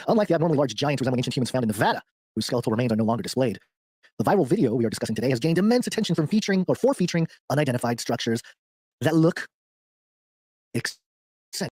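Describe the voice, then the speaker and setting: Podcast cohost guy, rambles n restarts, talks quick. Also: medium pitch, darkish tone, slightly rough, no room sound. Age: adult with young children. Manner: rambling, stops and restarts, laughs easily. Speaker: podcast co-host. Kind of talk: casual chat.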